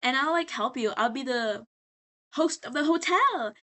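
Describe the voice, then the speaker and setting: A woman's voice: high-pitched, animated, a little slow, fairly bright tone. A tipsy woman quoting a smug, scheming male demon in a mocking, offhand way.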